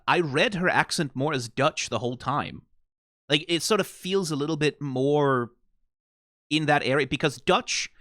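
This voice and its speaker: A young man from Denmark talks with a Danish accent, casually explaining language quirks to his stream chat. His voice is slightly high, bright and very animated, swooping up and down as he demonstrates sounds. The recording is close and dry, with no room echo. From Denmark, south of Funen. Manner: explains language points with lively spoken demonstrations. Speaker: streamer reacting to an anime episode.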